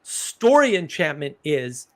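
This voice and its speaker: A man's voice: fairly high pitch, big pitch swings, slow pace, fairly bright tone. A man hosting a live stream, explaining ideas in a casual, thoughtful way with examples.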